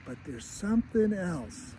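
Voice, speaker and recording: A man's voice: high voice, big pitch swings, measured pace, warm tone, slight background noise, pitched above the performer's own voice, low-quality recording. A man voicing a worried middle-aged mother who keeps asking her husband whether he forgot something. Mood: fretful. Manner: nagging, worried questioning.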